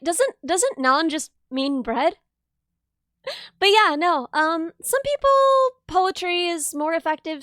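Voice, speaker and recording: Giggly high-voiced young woman streamer. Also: fairly bright tone, no room sound, clean studio sound. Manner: giggly, chatty, reads chat aloud. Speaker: livestreamer. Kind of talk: casual live-stream chat. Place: her bedroom.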